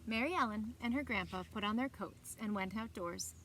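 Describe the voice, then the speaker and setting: A librarian reading a picture book aloud to children, expressive and animated. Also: female voice, mid-range voice, normal speed, a little hiss or hum. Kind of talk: children's story time read-aloud.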